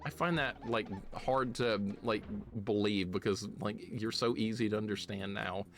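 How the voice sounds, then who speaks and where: A man's voice: fairly low pitch, normal speed. Guy with a light southern accent streaming a game, chatty and jumpy, laughs a lot, faint game music behind. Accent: slight Southern US city accent. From southeastern United States. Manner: chatty, excitable, laughs often, greets chat. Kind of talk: live gameplay commentary.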